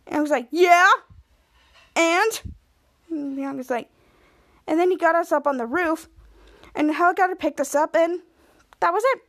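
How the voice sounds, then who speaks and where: A woman's voice: high voice, fairly quick, long pauses. A woman podcast host casually recapping a TV episode, retelling each scene and raising her voice for the quoted lines.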